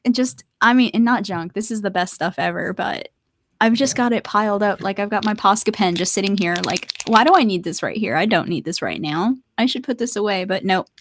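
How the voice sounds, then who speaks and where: A young adult woman chatting casually to viewers on a live stream from her art desk at home, laughing often. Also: mid-range voice.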